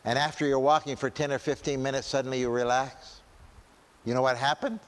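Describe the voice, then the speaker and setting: A man's voice: medium pitch, fairly even intonation, fairly quick. A man gives a church seminar in a mid-range voice, talking casually and often checking in with "right?" His sentences break off and restart as he goes. The sound carries the long reverb of a large meeting hall. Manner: conversational, often asks "right?", frequent restarts.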